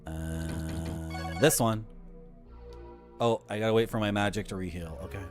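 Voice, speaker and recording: A man's voice: low-pitched, measured pace. A man streaming a video game, chatting casually, swearing and teasing his chat. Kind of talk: casual gameplay commentary. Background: game music.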